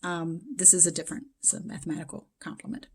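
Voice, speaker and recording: Hoarse woman explaining math. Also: on the low side, flat delivery, quick pace, a little mellow. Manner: explanatory, chatty with fillers. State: slightly hoarse, froggy. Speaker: math instructor. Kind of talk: recorded lecture.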